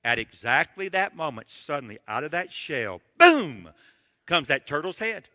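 Bright-voiced man preaching emphatically. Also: fairly high pitch, sing-song, measured pace, dry recording, big-room sound. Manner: emphatic, numbered points, direct address. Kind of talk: sermon.

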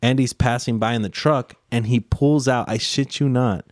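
A man's voice: medium pitch, moderate pace, dry recording, clean studio sound. Young man telling a profane story. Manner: swears freely, animated retelling of quarrels. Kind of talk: casual chat, storytelling.

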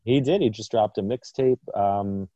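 A man co-hosting a podcast, joking in a dry, deadpan way in casual banter. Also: lowish voice, normal speed, no room sound, muffled recording. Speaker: podcast co-host.

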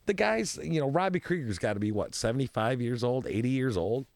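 A man's voice: medium pitch, lively intonation, a little fast, creaky, darkish tone, dry recording. A man hosting a talk show, telling a story in a loose, rambling way, repeating himself and laughing often.

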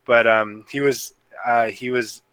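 A man's voice: medium pitch, fairly even intonation, unhurried, fairly bright tone, clear, resonant tone, no room sound, rough recording. A man co-hosting a casual movie review podcast, rambling with lots of fillers and laughter. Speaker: podcast co-host.

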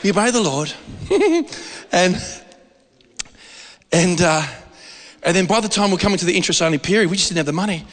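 Aussie preacher guy, high lively voice, laughs a lot, big echoey church. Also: fairly quick, pauses often. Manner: storytelling, laughing often, excitable. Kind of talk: sermon.

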